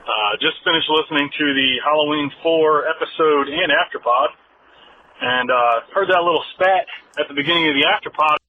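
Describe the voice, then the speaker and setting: A man's voice: a little high, normal speed. A man from Virginia leaving a jokey, self-mocking voicemail for a podcast. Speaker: caller. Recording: muffled phone voicemail with faint noise.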